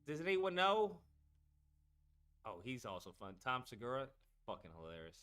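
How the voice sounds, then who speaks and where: A man's voice: medium pitch, very animated, moderate pace, fairly bright tone, smooth. A man hosting a casual live stream, rambling and swearing as he talks to his chat. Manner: rambling and profane, talking to chat. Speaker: streamer host.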